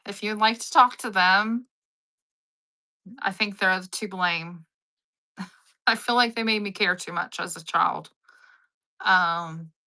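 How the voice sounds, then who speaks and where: A woman, hosting a live stream and chatting with viewers, rambling through stories and acting out the people in them. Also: mid-range voice. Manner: rambling, animated storyteller who acts out the people in her stories. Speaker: live-sale stream host. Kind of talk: casual chat with live viewers.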